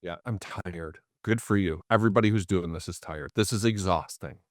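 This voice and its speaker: A man with a fairly low voice speaks as the guest in a relaxed interview. He tells stories with animation and puts on the voices of the people he quotes. The sound is dry and close, with no room echo. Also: moderate pace. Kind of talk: casual interview storytelling.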